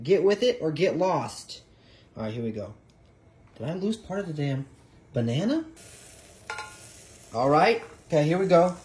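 A woman comedian cooking in her home kitchen, giving loud, exclaiming, profane running commentary. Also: deep voice, sing-song, a little slow, long pauses, slight background noise.

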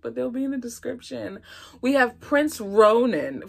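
A woman from Philadelphia reviewing a film in a playful, expressive casual chat. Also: fairly high pitch, moderate pace, creaky, husky. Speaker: movie reviewer.

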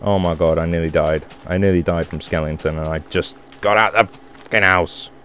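Low-voiced man rambling over a game. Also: steady tone, brisk, fairly bright tone, soft background music. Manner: rambling, swearing, self-mocking. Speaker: gamer. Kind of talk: let's play commentary.

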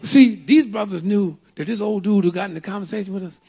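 A man's voice: high-pitched, fast, dark tone, slightly rough. An older man preaching a sermon in a church, telling a folksy story with emphatic, playful delivery. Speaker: pastor. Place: church sanctuary.

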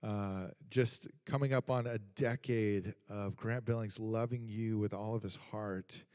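A man, the church's pastor, introducing a guest speaker and then leading an earnest spoken prayer, halting and full of fillers. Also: lowish voice, steady tone, darkish tone, clean tone, studio quality. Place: church sanctuary. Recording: long church hall reverb.

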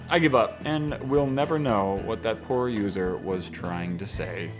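A man's voice: a little high, big pitch swings, normal speed, fairly bright tone, faint music behind. A young man hosting a comedy video, playfully reading text messages aloud and joking about them. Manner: playful, jokey, often laughing.

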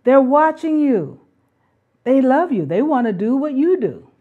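A middle-aged woman hosting a talk on parenting, speaking in an earnest, reflective and spiritual way, with soft laughs now and then. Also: sits high, sing-song, unhurried, narrow, tinny audio.

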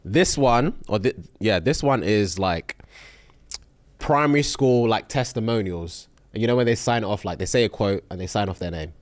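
Low-voiced young male podcast co-host, laid-back, dry close sound. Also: no room sound. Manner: laid-back, quick reactions and affirmations. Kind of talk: casual chat.

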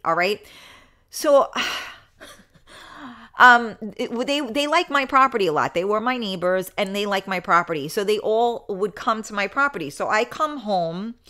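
Woman hosting a live talk show solo, bright edgy voice, blunt and chatty, swears a lot. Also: mid-range voice. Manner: chatty, blunt, swears freely, laughs often.

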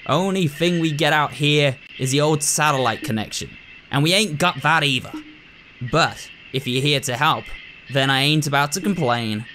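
A man voicing a gruff, bossy anteater woman doctor who talks in a drawling country way. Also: fairly high pitch, normal speed, bright, forceful tone, slight background noise, poor audio.

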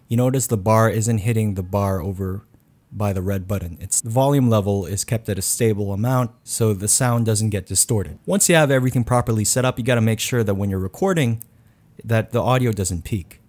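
A man giving a voice-over tutorial in a low, deliberate announcer style, recorded close on a condenser mic in a quiet room at home. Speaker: YouTube tech reviewer.

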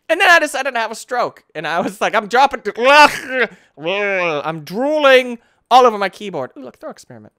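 A man giving goofy let's play commentary, talking to the game and bursting into shouts when things go wrong. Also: sits high, smooth, dry recording, clean studio sound.

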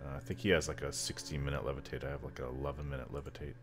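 A man's voice: extremely low pitch, level tone, racing, over music. A Canadian man from British Columbia casually narrating his online game session, rambling and joking at himself as he stumbles over words. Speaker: gamer. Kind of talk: casual gameplay commentary.

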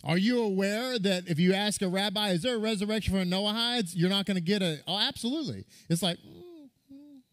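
A rabbi delivering a lively sermon to his congregation, his voice sitting a little high for a man. He keeps pressing the room with rhetorical questions, stopping to ask them to nod along. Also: brisk, hardly any pauses. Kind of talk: sermon teaching.

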